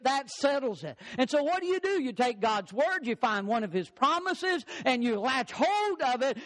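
Pastor, male, very high voice, emphatic preaching, slows down on key lines. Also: fairly bright tone. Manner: preaching with rising, emphatic repetitions; slows and stretches key phrases. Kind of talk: sermon.

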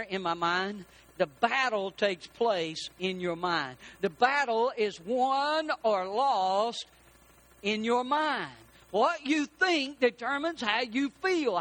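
A man preaching a sermon as pastor, telling a story with lively character voices. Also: sits high.

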